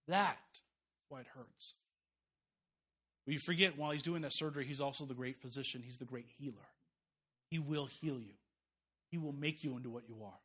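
A man preaching an impassioned, folksy sermon, rising to loud urgent peaks and dropping to quiet asides. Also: medium pitch, normal speed, pauses often, breathy edge. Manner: folksy, uses y'all and slang. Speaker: guest preacher.

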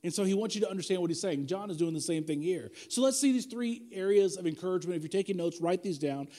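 A man in his forties preaching a sermon, talking casually, repeating himself for emphasis, and leading the prayer in a quieter voice. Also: sits high, fast talker. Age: 40s. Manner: conversational preaching with repetition and asides. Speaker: pastor.

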